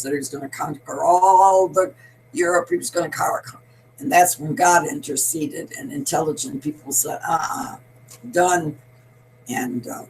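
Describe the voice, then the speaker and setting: A woman's voice: low-pitched, a little mellow, poor audio. An elderly woman in her eighties delivers an opinionated monologue as a show host. She talks bluntly and emphatically, rambling from point to point. A faint hum sits under her voice. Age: 80s.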